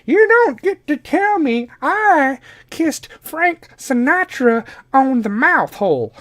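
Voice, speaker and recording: A man's voice: very high voice, sing-song, takes it slowly, a bit bright, pitched above the performer's own voice, heavily acted. A man voicing a vain, indignant old grandmother who boasts of her showgirl days. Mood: indignant boastful.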